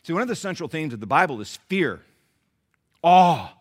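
A man preaching a sermon in a church, animated, swinging from loud emphasis to quiet asides. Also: fairly high pitch, fast talker. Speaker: pastor.

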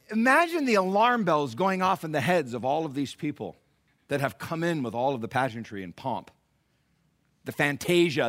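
A man preaching a sermon, retelling scripture dramatically, swinging from hushed lines to loud, animated asides. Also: high-pitched, normal speed. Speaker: pastor.

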